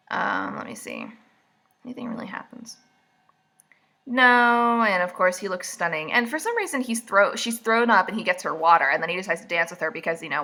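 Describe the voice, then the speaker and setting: A woman's voice: lowish voice, pushed and bright. A woman recapping a book in a casual, rambling way, full of snarky, mocking asides. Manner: casual and rambling, with many fillers. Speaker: vlogger.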